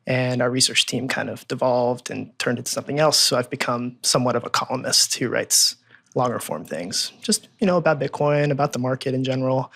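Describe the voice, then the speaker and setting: A man in his twenties with a medium-pitched, fairly bright voice is a guest in an in-person interview at a table in a room. A research analyst and columnist, he's chatty, easygoing and self-deprecating in the casual conversation.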